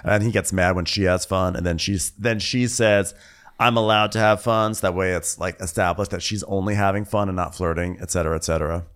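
A man co-hosting a comedic reality TV recap, dry and wry, slipping into high mocking voices to quote people. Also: steady tone, brisk, hardly any pauses. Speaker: podcast co-host.

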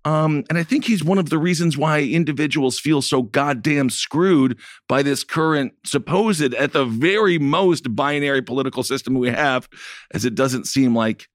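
A man's voice: fairly high pitch, moderate pace, no room sound, clean studio sound. A man co-hosting a political talk show, talking casually with sarcastic, rambling jokes. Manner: sarcastic, rambling, jokey asides.

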